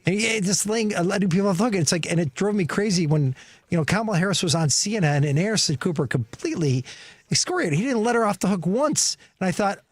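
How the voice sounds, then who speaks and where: Earnest man, slightly high voice, dry studio. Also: animated, breathy edge, dry recording. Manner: earnest, searching, halting. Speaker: guest co-host, former state senator. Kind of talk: casual political chat. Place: radio studio.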